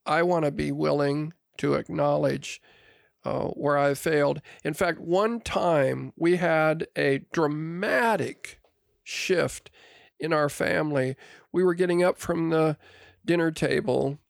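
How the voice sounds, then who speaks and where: Older male co-host, gravelly and a bit high, earnest storyteller, close dry mic. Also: slow pace, dry recording. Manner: earnest storyteller, reflective and confessional. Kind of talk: casual podcast conversation.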